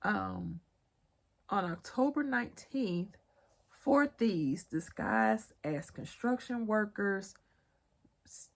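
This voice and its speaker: This vlogger, a young adult woman with a Southern accent, has a mid-range, creaky voice and sounds very animated, though she talks slowly and pauses often. She chats casually through a pop-culture news recap, laughing on the side and speaking to viewers as y'all.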